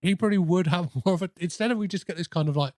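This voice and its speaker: A man hosts a casual film podcast. His voice sits a little high, and he stops and restarts often. The sound is dry and close to the mic. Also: a little mellow, dry recording. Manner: halting, full of fillers and restarts. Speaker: podcast host.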